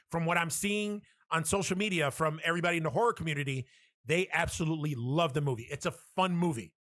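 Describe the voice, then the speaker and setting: Rich: A man with a slightly higher voice talks on a casual podcast, swearing freely and getting animated as he retells scenes with quick impressions. The sound is dry and close to the mic. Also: no echo. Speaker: podcast co-host.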